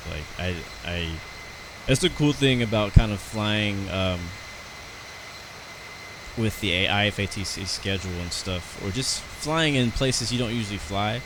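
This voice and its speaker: An American man with a lowish voice rambles casually through live commentary on his flight sim stream, chatting with his viewers. There is background noise.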